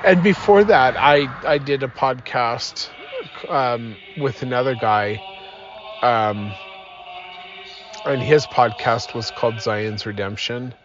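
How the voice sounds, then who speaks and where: A man hosts a podcast from inside his car, sounding sleepy and yawning between his words. He talks slowly and rambles, dropping fillers and putting himself down. The sound is dull and lo-fi, with faint music behind him. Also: mid-range voice. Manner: rambling, self-deprecating, many fillers. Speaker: podcast host. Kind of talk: casual rambling podcast talk.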